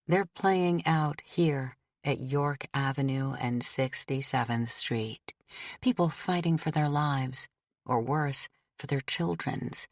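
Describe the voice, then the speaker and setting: Low-voiced woman reading an audiobook, steady, dry close mic. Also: slow pace, dry recording. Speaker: audiobook narrator. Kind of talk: scripted narration.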